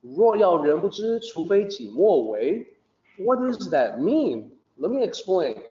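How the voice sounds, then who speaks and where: A man's voice: sits high, sing-song, slow, warm tone. Patient man explaining in a roomy, muffled recording. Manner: patient, conversational, with many fillers. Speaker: teacher of Taoist philosophy. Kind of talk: explanatory podcast talk.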